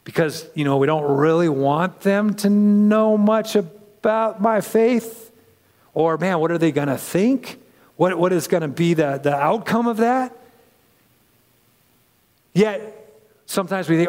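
A man's voice: high voice, a little slow, pauses often, big-room sound. A man preaching a conversational sermon, acting out the people in the story as he goes. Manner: conversational, animated, acts out voices.

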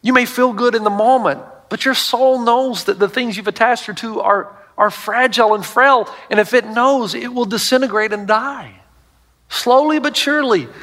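A man's voice: very high-pitched, bright, forceful tone. A middle-aged male pastor preaching a sermon to a congregation, telling stories with emphatic asides.

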